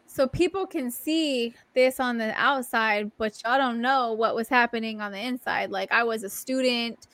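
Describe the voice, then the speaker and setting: Bright, casual young woman co-host. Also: on the high side, moderate pace, few pauses. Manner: casual, profane, emphatic storytelling. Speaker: podcast co-host. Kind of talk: casual chat.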